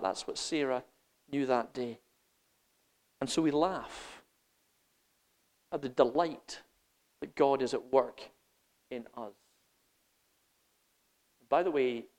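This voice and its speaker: A man preaching a sermon, animated, swinging between loud emphasis and quiet intensity, laughing as he goes. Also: mid-range voice, in a large hall.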